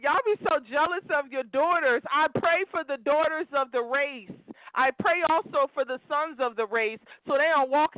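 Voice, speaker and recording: A woman's voice: high voice, dry recording. Emphatic woman ranting over a phone line. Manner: emphatic, preachy, lectures listeners directly. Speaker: call-in caller. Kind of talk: live call-in rant. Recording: tinny dry phone line.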